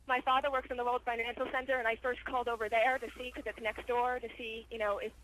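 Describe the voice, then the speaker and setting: A woman's voice: fairly high pitch, little pitch movement, a bit bright. Shaken woman on a phone line. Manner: halting, with many restarts. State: shaken, stuttering. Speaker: eyewitness caller. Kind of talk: live phone account.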